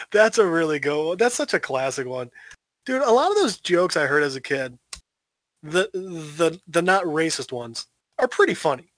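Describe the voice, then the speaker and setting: A man's voice: fairly high pitch, very animated, unhurried, fairly bright tone, no echo. A man co-hosting a podcast, telling jokes in a loose, rambling way full of "uh"s. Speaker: podcast co-host. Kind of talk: casual joke-telling chat.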